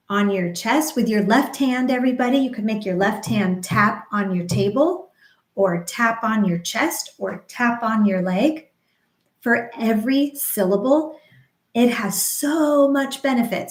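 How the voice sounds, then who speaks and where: A woman hosting a live speech therapy class, encouraging viewers and modeling phrases slowly in rhythm. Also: on the high side, roomy sound. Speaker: speech therapy livestream host.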